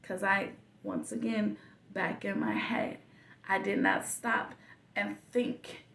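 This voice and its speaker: A woman hosting a podcast, telling a personal story in a slow, reflective way with soft whispered asides. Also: mid-range voice, fairly even intonation, gravelly, recorded from a distance. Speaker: podcast host. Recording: echoey room, voice a bit off-mic.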